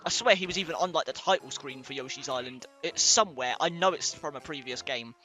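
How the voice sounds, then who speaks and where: A man's voice: fairly high pitch, a little fast, bright, forceful tone, faint music behind. A man giving casual let's-play commentary, rambling and thinking aloud with many fillers. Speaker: let's player.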